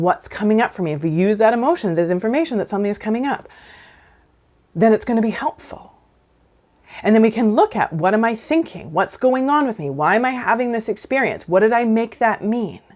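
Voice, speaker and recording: A woman counsellor explaining emotions in a conversational teaching talk, acting out inner voices with sudden pitch jumps. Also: darkish tone.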